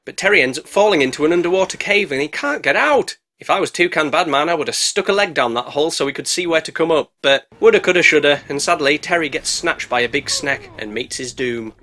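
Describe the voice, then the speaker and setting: Cheeky british guy recapping a monster movie, bouncy and bright. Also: expressive, fast, few pauses. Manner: cheeky, sarcastic, bursts into squeaky put-on voices. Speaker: movie reviewer. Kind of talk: comedic movie recap narration.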